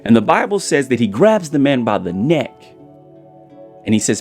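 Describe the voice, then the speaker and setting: Folksy, energetic male devotional host. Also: mid-range voice, moderate pace, soft background music. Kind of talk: daily devotional sermon.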